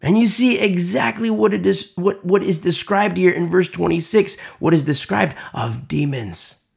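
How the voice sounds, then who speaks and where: A man preaching a sermon, swinging from loud emphatic lines to hushed whispers. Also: high-pitched, normal speed, creaky, husky. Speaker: pastor.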